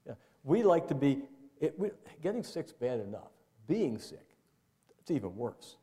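Here the older pastor's mellow voice turns sing-song and a little slow. Delivering his sermon in the church sanctuary, he stays conversational and folksy, popping into high, playful voices for his asides.

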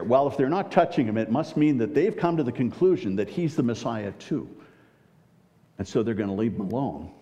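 Male preacher, mellow mid-pitched voice, teaching Scripture with questions to the congregation; dull audio, long hall reverb. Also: lively intonation, brisk. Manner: asks listeners rhetorical questions. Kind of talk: Bible teaching sermon.

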